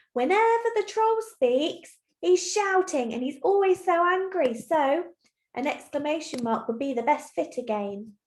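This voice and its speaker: A woman teacher giving a recorded lesson to young children, explaining clearly and patiently step by step. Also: sits high, a little mellow. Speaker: primary school teacher. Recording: roomy echo.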